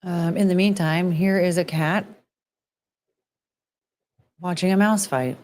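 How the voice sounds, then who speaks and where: A woman's voice: on the low side, steady tone, takes it slowly, darkish tone. A woman hosting a casual chat while reacting to clips, rambling and blunt, swearing casually. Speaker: host.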